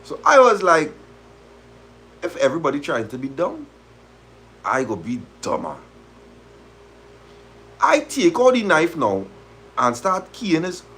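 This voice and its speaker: Male streamer, husky voice, lively pitch, reads aloud and riffs on the story. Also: measured pace, pauses often. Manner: animated, dialect-heavy, laughs at the story. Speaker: host of a live talk stream. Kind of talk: reading a story aloud and reacting, casual.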